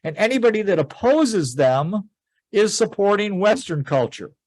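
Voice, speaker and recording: A man teaching a history class, telling events as a lively story and quoting people in a casual voice. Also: high voice, moderate pace, dry recording. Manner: animated storytelling, quoting figures in plain conversational voice. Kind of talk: informal history lecture.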